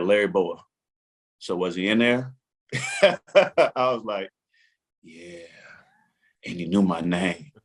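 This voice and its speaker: A man in his forties with a fairly low voice tells a story as a podcast guest. He acts out his own racing thoughts and the lines of the people in it, jumping between narration and quoted speech. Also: fairly bright tone. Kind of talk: animated storytelling.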